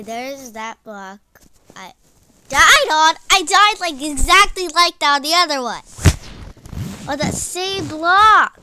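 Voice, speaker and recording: A young woman giving casual commentary on her gameplay, often frustrated, exclaiming loudly, then dropping to whispers. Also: high voice, a little hiss or hum. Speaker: gaming vlogger.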